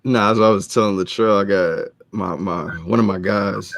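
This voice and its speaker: A man's voice: on the low side, fairly even intonation, moderate pace, no echo. A man in a casual podcast chat, telling stories in a laid-back, drawling way. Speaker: podcast guest.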